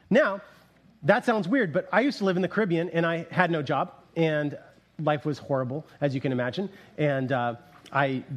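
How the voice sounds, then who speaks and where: A man giving a sermon as pastor, talking casually with jokes, asides and frequent restarts. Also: high-pitched. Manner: casual, joking, rambling with restarts.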